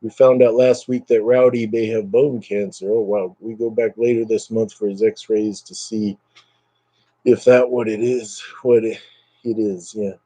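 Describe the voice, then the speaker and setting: A man chats casually with his livestream viewers in a warm, mellow voice, slightly fried and low on energy. He rambles from comment to comment. His webcam mic sounds dry and close. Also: level tone, a little slow, no echo. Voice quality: voice a bit fried. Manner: rambling and chatty, reading out viewer comments, drifting into brief impressions. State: low energy, recovering from illness. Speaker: livestream host chatting with viewers. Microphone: computer webcam mic.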